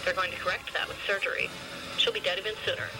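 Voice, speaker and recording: A woman's voice: fairly low pitch, fairly even intonation, quick pace, music in the background, natural voice, low-quality recording. A haughty, snide male fashion designer speaking with lofty contempt. A woman reads him. His lines come from a storybook reading.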